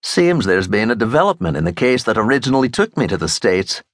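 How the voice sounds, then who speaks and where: A man's voice: lowish voice, big pitch swings, brisk, dry recording, studio quality. A man playing a wry, genial ex-detective. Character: Scottish ex-Scotland Yard inspector turned private detective, wry.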